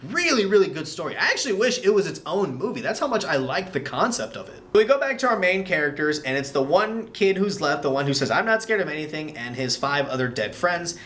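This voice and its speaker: Animated man recapping a horror film. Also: a little high, a little fast, few pauses. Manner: animated, sarcastic asides. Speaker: film reviewer. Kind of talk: casual movie recap.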